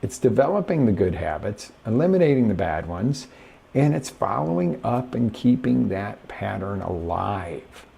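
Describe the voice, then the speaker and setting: A man's voice: on the low side, sing-song, measured pace, gravelly, warm tone, slightly rough. A man hosting a live motivational coaching show, talking emphatically straight to his viewers from a webcam setup. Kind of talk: motivational live-stream talk.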